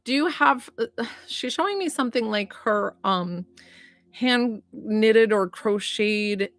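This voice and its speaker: A woman's voice: a little high, animated, slow, fairly bright tone, no room sound, clean studio sound. A woman working as a psychic medium, chatting through a live reading with many "like" fillers.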